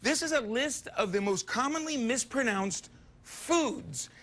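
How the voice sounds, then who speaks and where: A man's voice: very high-pitched, expressive, unhurried, a bit bright. Jokey man on morning TV. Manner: jokey, playful, teasing. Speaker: morning show reporter. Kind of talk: live TV banter. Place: on location at a pawn shop.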